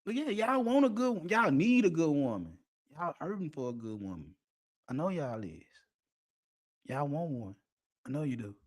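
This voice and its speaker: A man's voice: fairly high pitch, big pitch swings, moderate pace, pauses often. A man hosting an unscripted monologue, blunt and profane, laughing often as he talks. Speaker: podcast host.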